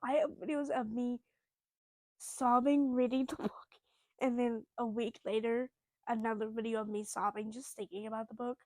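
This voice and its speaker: A young woman vlogger chatting casually about books, rambling and emphatic, now and then dropping to a soft whisper. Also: a little high, fairly even intonation, moderate pace, no echo.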